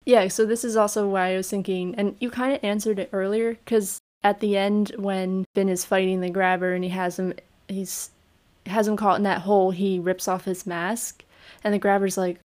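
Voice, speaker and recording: A woman's voice: medium pitch, normal speed. A woman co-hosting a podcast, chatting casually about a horror film and acting out lines as she goes. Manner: animated, acts out quotes from the film. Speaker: podcast co-host. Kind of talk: casual film review chat.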